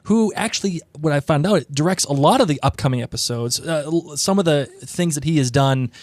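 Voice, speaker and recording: A man's voice: fairly high pitch, brisk, dry recording. A man co-hosting a TV show podcast, joking and chatting casually. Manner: joking, playful, animated. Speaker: podcast co-host. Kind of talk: casual chat.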